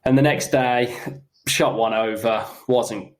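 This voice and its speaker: A young man, a pro golfer, telling animated, self-mocking stories about his round in casual podcast chat. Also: mid-range voice. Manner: animated, self-mocking anecdotes with quick asides. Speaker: professional golfer guest.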